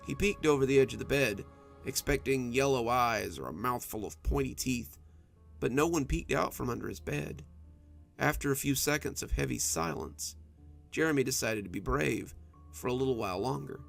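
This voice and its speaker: A man tells a spooky bedtime story as expressive, dramatic scripted narration while faint music plays behind him. His mid-range voice moves at a normal speed and has vocal fry.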